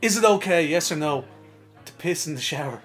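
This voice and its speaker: Young irish man, fairly high voice, rambling sweary storyteller, laughs mid-story, faint music behind. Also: animated, fairly quick. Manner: rambling storyteller, laughs through his stories. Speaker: podcast co-host. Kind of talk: casual chat, swearing anecdotes.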